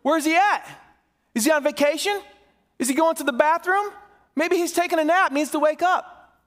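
A man's voice: very high voice, moderate pace, voice pushed up. A preacher putting on the voice of a brash male prophet who sarcastically taunts his rivals. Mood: mocking. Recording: reverberant hall.

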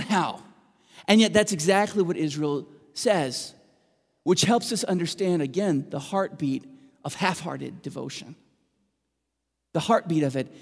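A man preaching a sermon as pastor, moving between emphatic and hushed delivery. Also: high-pitched, in a large hall.

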